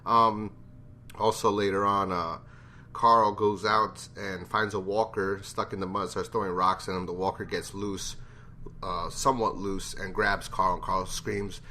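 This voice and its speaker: Lowish-voiced guy reviewing a tv episode, blunt, swears a lot, faint hiss behind him. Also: little pitch movement, measured pace, bright, forceful tone. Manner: blunt, profane, rambling opinions. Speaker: TV show reviewer.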